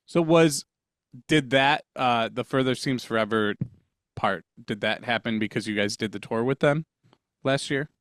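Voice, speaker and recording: A man's voice: medium pitch, normal speed, fairly bright tone, dry recording. A male podcast host with a mid-range voice asks questions with plenty of hesitations. His voice sounds dry and close, with no room around it. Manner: hesitant, filler-heavy questions. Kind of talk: casual interview.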